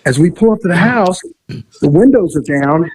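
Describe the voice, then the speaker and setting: A man telling casual police stories, animated, laughing and swearing freely. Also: sits high, moderate pace, breathy edge, no room sound, low-quality recording.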